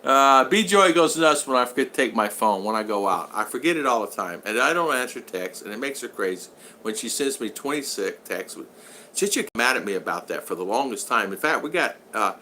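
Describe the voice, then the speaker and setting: Bright-voiced older man chatting. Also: medium pitch, animated, a little fast, slight background noise. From United States. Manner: rambling anecdotal storyteller with frequent restarts. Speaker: vlogger reading live chat. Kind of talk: casual livestream chat.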